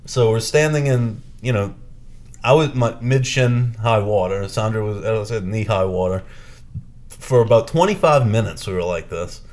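A podcast co-host with a fairly low voice and moderate pace tells a story during casual chat. He animatedly acts out the people he quotes, talking in a chatty way full of restarts and fillers.

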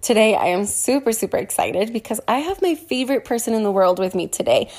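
A woman's voice: lively intonation, brisk, a little mellow. Bubbly woman podcast host. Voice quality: high-pitched voice. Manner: bubbly, laughs often. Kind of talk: casual podcast chat.

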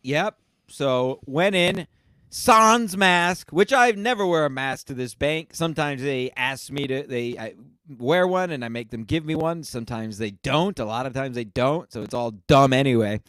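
A man's voice: medium pitch, lively intonation, moderate pace, no room sound, clean studio sound. A young man co-hosting a casual call-in show, telling a profane, ranting story. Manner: ranting, profane, builds to shouting. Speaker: podcast co-host.

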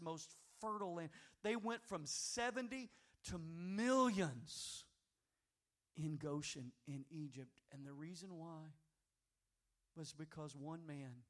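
A male pastor preaching a sermon, telling a story quietly and then rising to loud, fervent exhortation. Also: high-pitched.

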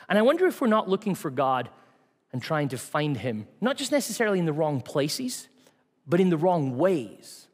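Lively male preacher in a reverberant hall. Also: a little high, brisk. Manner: storytelling, lively and varied delivery with quiet asides. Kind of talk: sermon. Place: church.

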